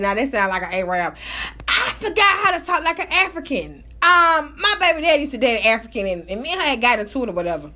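A young woman's very high, sharp, bright voice fills this casual podcast commentary. She talks brashly and swears freely, laughing her way through rambling stories as the show's host. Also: big pitch swings, fast. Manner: brash, profane, laughing storyteller.

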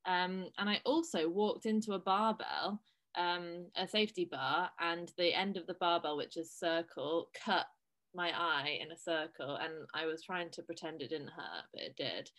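A woman co-hosting a casual fitness chat, frank and quick to swear. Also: fairly low pitch, fairly bright tone.

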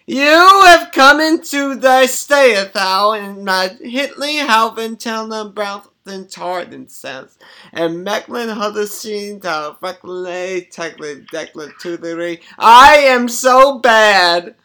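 A man putting on a high, slow, theatrical voice as a bad guy confessing his sins. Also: smooth, full character voice. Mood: wailing. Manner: slow, loud, theatrical lament. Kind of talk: mock confession voice.

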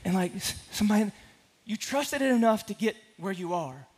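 A man preaching a sermon to a congregation, impassioned, swinging from hushed to loud. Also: high voice, lively intonation, moderate pace. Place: large room with a congregation.

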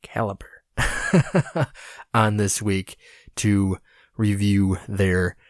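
Animated, swearing podcast host, a man. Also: on the low side, moderate pace, no echo, clean studio sound. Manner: animated, swearing, self-mocking with laughs. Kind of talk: casual storytelling monologue.

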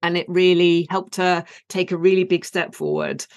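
A woman with a British accent, an acupuncturist guest calmly explaining things step by step. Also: lowish voice. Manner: calm, measured, step-by-step explaining. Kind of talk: explanatory interview answer.

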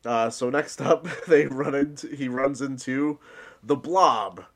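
A man's voice: medium pitch, steady tone, a little slow. A man co-hosting a podcast in casual chat, rambling with restarts and laughing often. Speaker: podcast co-host.

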